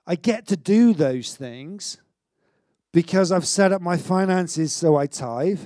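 Male pastor, middle-aged, chatty sermon with restarts and jokes, slightly high voice. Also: takes it slowly, dry recording, studio quality. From Wales. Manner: energetic, conversational preaching with stammered restarts and self-mocking humour.

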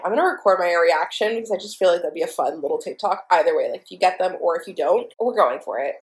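A young woman hosting her own podcast, telling a story in an excitable, profane, breathless way. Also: mid-range voice. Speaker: podcast host. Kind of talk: casual storytelling monologue.

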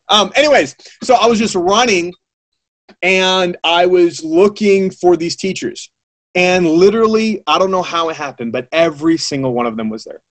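A man preaching a sermon, telling his own story in a lively way and acting out the voices of the people he quotes. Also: a little high. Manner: animated, acts out quoted voices, many fillers. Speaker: preacher giving his testimony.

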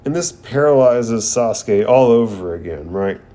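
Male anime reviewer, rambling casual commentary with cursing, mellow and unhurried. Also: mid-range voice, lively intonation. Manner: profane, rambling, frequent "like".

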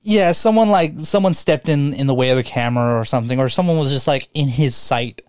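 A young man chatting casually on a podcast, swearing freely and breaking into laughs. His voice sounds smooth and resonant. The recording is dry and close. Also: mid-range voice, brisk, darkish tone, dry recording. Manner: loose and profane, laughs often. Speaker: podcast co-host. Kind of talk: casual chat.

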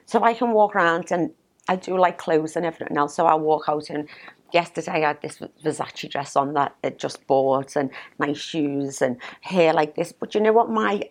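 A woman's voice: low voice, normal speed. A woman with a Liverpool accent, a business owner talking as an interview guest in a direct, matter-of-fact way. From Liverpool, England. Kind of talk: casual interview chat.

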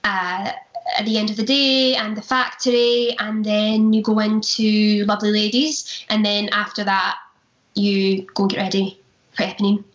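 A woman's voice: medium pitch, level tone, normal speed. A young Glaswegian woman, a stage performer, telling anecdotes in a chatty way, laughing often and acting out quotes. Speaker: musical theatre performer, guest. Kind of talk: casual chat, anecdotes. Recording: roomy, dull lo-fi sound.

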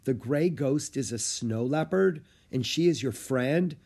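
A man's voice: mid-range voice, expressive, unhurried, a little mellow, pitched above the performer's own voice. A man voicing a cautious but brave young boy in a storybook reading, sounding anxious and urgent.

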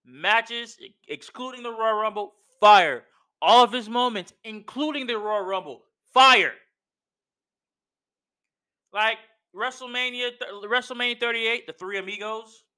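High-voiced man ranting emphatically. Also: moderate pace, hardly any pauses, sharp tone, clean tone. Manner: emphatic, slangy, repeats himself, says "bro" a lot. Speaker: podcast host. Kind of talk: casual wrestling opinion rant.

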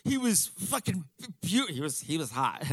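Man, fifties, comic storyteller; bright, sharp tone, excitable and profane, tripping over his own restarts. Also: on the high side, unhurried, slight background noise.

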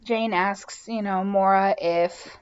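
A woman's voice: mid-range voice, fairly even intonation, slow pace, smooth, lo-fi sound. A woman hosting a podcast, casually recapping a TV episode, chatty and full of "like" and "um". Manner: chatty, lots of "like" and "um". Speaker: podcast host.

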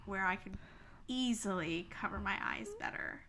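A young woman co-hosting a podcast, telling stories in a lively, laughing way and swearing freely. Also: medium pitch, moderate pace. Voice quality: laughs often, swears freely, animated storytelling. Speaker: podcast co-host. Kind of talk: casual chat. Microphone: podcast mic.

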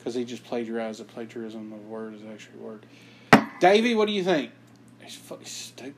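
A British man co-hosting a casual podcast, throwing in quick crude comebacks, swearing, laughing, and sometimes stalling on fillers. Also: medium pitch, heavy background noise. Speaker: podcast co-host. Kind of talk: casual joke-trading chat.

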